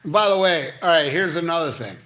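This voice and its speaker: A man's voice: a little high, brisk. An older man hosting a casual livestream, reading comments and ranting bluntly with lots of swearing while on pain medication. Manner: blunt, profane, animated ranting. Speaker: livestream host.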